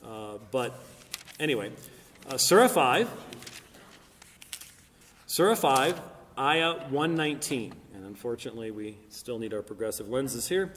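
In a church hall full of reverb, a middle-aged man gives an apologetics talk, argumentative and forceful, raising his voice at key moments amid fillers and restarts. He speaks unhurriedly at medium pitch with lively intonation and long pauses, over slight hiss or hum.

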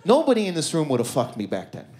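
A man in his thirties doing a stand-up comedy set in a club, loose and conversational, throwing quick asides to the crowd. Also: a little high, huge pitch swings, darkish tone. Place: comedy club stage before a live audience.

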